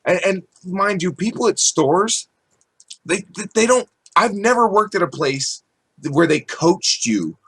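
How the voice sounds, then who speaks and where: A man's voice: sits high, lively intonation, a little slow, fairly bright tone, slightly rough. A man co-hosting a podcast in casual commentary, indignant and stammering as he talks. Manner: stammering, indignant, with frequent restarts. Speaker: podcast co-host.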